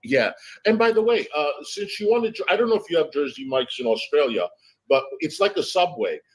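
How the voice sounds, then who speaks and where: A woman's voice: low voice, very animated, brisk, slightly rough, poor audio. A woman hosting a gossip livestream, chatting casually in a sassy way and calling people honey and darling. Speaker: livestream host.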